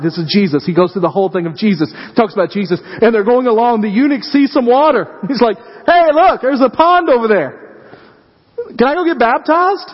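A man preaching a sermon, telling stories in a conversational way and asking the congregation questions. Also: a little high. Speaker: pastor. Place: church sanctuary. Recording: dull sound with long reverb in a hall.

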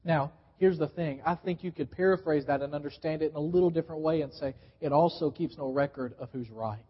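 A high-pitched man preaching to a congregation, hammering his points with repetition and calling for responses. His voice rings with a long church reverb. The live recording sounds dull and muffled. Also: fairly quick, husky. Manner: emphatic, repeats key phrases, coaches the congregation to respond. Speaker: pastor. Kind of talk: sermon. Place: church sanctuary.

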